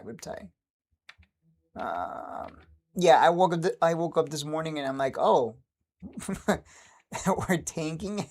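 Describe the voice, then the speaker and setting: Streamer type, man in his 30s, mellow tone, keeps chuckling between remarks. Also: on the high side. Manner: laughs often, chuckling and upbeat. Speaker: stock trading streamer. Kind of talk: casual livestream chat.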